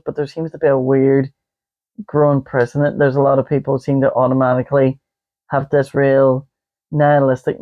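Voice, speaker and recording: A man co-hosting a casual podcast, rambling and joking with lots of fillers. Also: medium pitch. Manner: rambling, jokey, many fillers. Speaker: podcast co-host. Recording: dull lo-fi podcast audio.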